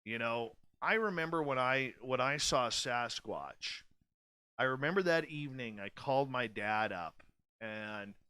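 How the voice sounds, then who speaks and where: Man in his 40s, radio host, blunt and candid, unhurried delivery, bright dry voice. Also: medium pitch, expressive, clean tone, no room sound. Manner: blunt, candid and profane, with many restarts. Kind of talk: casual late-night radio monologue.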